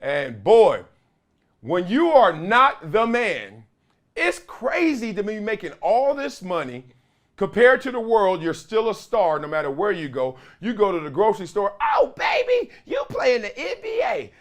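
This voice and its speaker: A middle-aged man hosting his own show, telling stories in a lively commentary monologue and acting out quotes of other people. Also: high voice, unhurried. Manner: storytelling with acted-out quotes of teammates. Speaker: show host.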